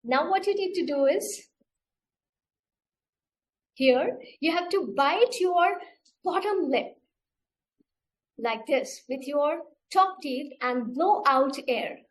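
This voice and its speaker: A middle-aged woman with an Indian English accent runs an online teacher webinar. Her voice sits high, and she talks at an unhurried pace, modelling sounds carefully and repeating each instruction. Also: expressive. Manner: slow, patient, demonstrates sounds and repeats steps. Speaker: teacher trainer.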